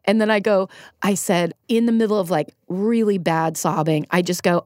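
A woman's voice: mid-range voice, normal speed, a little mellow, no echo, clean studio sound. A middle-aged woman speaking candidly and self-deprecatingly as a guest in a casual interview, often laughing as she talks. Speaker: podcast guest.

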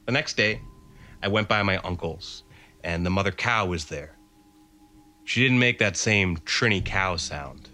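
A man from Canada, telling a comic personal story on stage with dramatic swings from hushed to emphatic. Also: sits low, measured pace.

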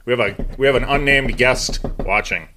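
A man's voice: medium pitch, moderate pace, bright, forceful tone, a little hiss or hum. A man co-hosting a podcast, chatting crudely and joking while eating hot wings. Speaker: podcast co-host. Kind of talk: casual chat.

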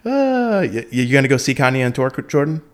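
A man's voice: medium pitch, big pitch swings, a little fast. A man hosting a casual podcast chat, joking and teasing his guest. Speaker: podcast host.

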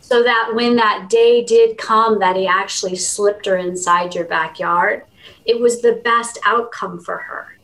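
A woman guest on a podcast, talking earnestly and warmly about her work as an animal communicator in a relaxed interview. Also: mid-range voice, measured pace, poor audio. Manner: earnest, heartfelt storytelling. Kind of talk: conversational interview.

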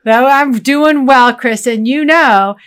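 A woman's voice: high voice, takes it slowly, a bit bright. A middle-aged woman co-hosting a podcast, talking emphatically and laughing easily in casual chat. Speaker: podcast co-host.

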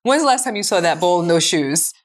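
A woman's voice: fairly low pitch, expressive, quick pace. A woman co-hosting a podcast, chatting casually, teasing and playfully scolding her partner. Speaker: podcast co-host. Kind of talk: casual chat.

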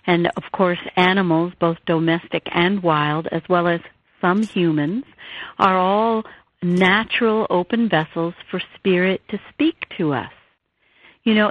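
A woman author and therapist, telling stories in an animated way and acting out the voices she quotes, heard over a phone line. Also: mid-range voice. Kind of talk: storytelling interview talk. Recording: tinny phone line, dry.

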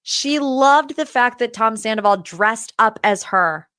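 A woman's voice: on the high side, a little slow, clean tone, dry recording, clean studio sound. A woman hosting a podcast and recapping a reality show in a casual, chatty way, with sassy asides. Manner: chatty, animated, with sassy asides and quoted voices. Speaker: podcast host.

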